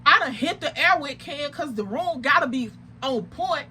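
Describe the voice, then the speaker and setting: A young adult woman telling a personal story to her viewers, casual and animated, full of slang and emphatic asides. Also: sits high, moderate pace, slight background noise. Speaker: vlogger.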